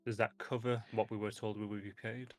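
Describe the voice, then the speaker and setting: Low-ish calm guy playing a tabletop game on a call, short lines, music faint behind. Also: fairly quick, no room sound. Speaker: player.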